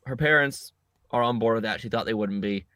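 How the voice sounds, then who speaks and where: A man's voice: fairly low pitch, brisk, bright, forceful tone, no room sound. A man co-hosting a podcast, recapping a movie in a rambling, joking way and often correcting himself. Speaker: podcast co-host. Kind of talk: casual chat recapping a movie. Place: podcast recording setup.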